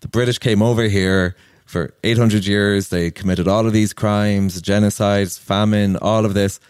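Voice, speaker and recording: Deep-voiced man from Ireland, reflective. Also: steady tone, measured pace, a little mellow, clean tone, no room sound, studio quality. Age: 30s. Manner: earnest, personal, anecdotal. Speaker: interview guest. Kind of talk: reflective storytelling in conversation.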